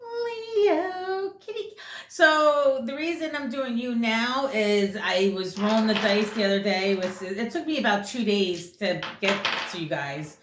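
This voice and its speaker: A woman's voice: mid-range voice, normal speed, few pauses, noisy background. A woman giving a casual tarot reading, talking bluntly and with a lot of swearing as she rambles. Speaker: tarot reader. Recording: echoey room.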